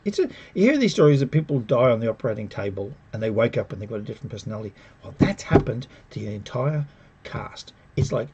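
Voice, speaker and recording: A man giving a casual, sarcastic spoken review, animated and mocking the characters as he retells scenes. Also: medium pitch, quick pace, breathy edge, dull audio. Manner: animated, sarcastic, mocks characters with put-on quotes. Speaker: TV show reviewer.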